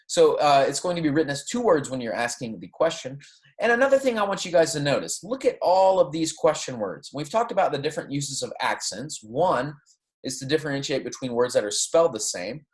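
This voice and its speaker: A man teaching a recorded Spanish class. He explains in English, says Spanish phrases slowly as examples, and keeps checking in with "right?" and "okay". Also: fairly high pitch.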